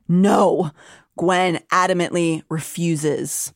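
A woman's voice: fairly low pitch, moderate pace, dry recording, studio quality. A woman co-hosting a book podcast, retelling the plot in a dramatic storytelling way with little gasps between beats. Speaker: podcast co-host. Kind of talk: casual book discussion and recap.

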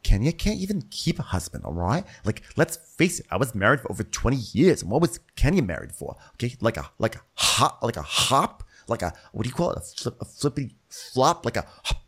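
A man's voice: medium pitch, big pitch swings, fairly quick, few pauses, a bit bright, breathy edge, full character voice. A man voicing a scattered, flustered older woman socialite who keeps repeating herself. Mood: rambling.

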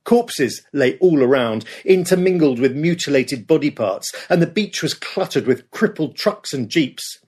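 Male documentary narrator, husky and fairly high voice, dramatic storytelling. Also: animated, a little slow, few pauses, a little mellow. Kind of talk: scripted history narration.

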